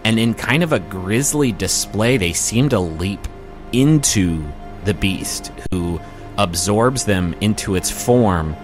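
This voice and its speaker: Low-voiced man narrating as game master. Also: animated, faint music behind. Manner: storytelling with frequent ums, quick asides.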